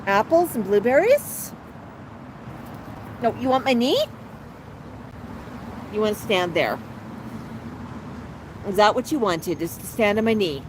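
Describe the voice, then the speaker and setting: A woman hosting a live stream from her patio, gently soothing her pet bird as if talking to a small child. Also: medium pitch, lively intonation, takes it slowly, pauses often. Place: outdoor patio by a street. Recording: outdoor street traffic noise.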